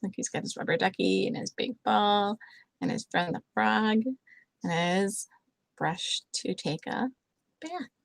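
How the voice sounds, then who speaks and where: An older woman reading a picture book aloud to her grandchildren, gentle and chatty, with lots of little asides. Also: mid-range voice, measured pace, vocal fry, dry recording, rough recording.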